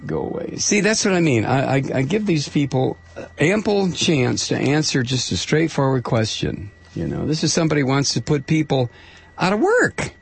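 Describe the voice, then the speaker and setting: A man's voice: mid-range voice, expressive, moderate pace, gravelly, few pauses, slightly rough. A man hosting a call-in radio show, ranting sarcastically and animatedly. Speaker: radio talk show host. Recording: lo-fi radio broadcast.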